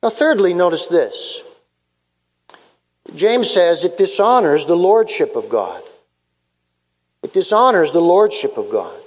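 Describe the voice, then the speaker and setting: A man preaching from the pulpit in a high, unhurried voice, letting each phrase land before moving on. He repeats key lines for weight and acts out small exchanges to illustrate. The sound carries a long reverb from a large sanctuary. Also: big pitch swings, darkish tone. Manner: preaching with repeated emphatic phrases and acted-out dialogue. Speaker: pastor. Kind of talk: sermon.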